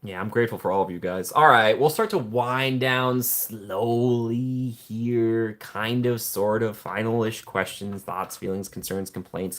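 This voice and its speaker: A man hosts a casual live stream and reads out viewer comments with playful jokes. He laughs often, and his pitch leaps up when he gets excited.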